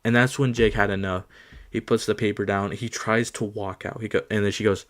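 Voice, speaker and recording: A man's voice: lowish voice, little pitch movement, moderate pace. A young man casually telling a story from his school days, laughing often and acting out the lines of the people in it.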